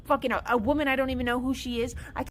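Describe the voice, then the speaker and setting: A woman's voice: high voice, fairly even intonation, rapid-fire, a little hiss or hum, rough recording. A woman streamer in an angry, upset rant, swearing and repeating herself.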